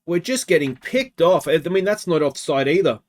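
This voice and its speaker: An Australian man with a slightly high-pitched voice talks through a football management game as he plays. He chats casually and keeps tagging his remarks with rhetorical questions. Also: very animated, moderate pace. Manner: chatty, asks himself rhetorical questions. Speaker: let's play host. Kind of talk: game commentary.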